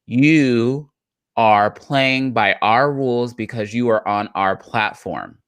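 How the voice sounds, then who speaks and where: A woman's voice: extremely low pitch, takes it slowly, clear, resonant tone, no echo. A woman co-hosting a live talk show, chatting casually about politics and repeating phrases for emphasis. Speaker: podcast co-host.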